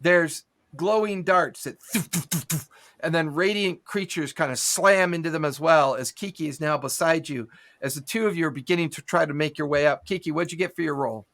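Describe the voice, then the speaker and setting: Gravelly game master voicing gunfire. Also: male voice, on the high side, brisk, a bit bright. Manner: vivid narration with gunfire sound effects. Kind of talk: narrating a tabletop game.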